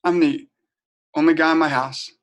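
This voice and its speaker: A middle-aged man with a slightly raised pitch talks through a casual home webinar. He tells stories in a loose, chatty way, often doubling back on his words. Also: fairly even intonation, moderate pace. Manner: chatty, storytelling, repeats and restarts words. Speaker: webinar presenter. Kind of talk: casual teaching talk. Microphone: home webinar setup.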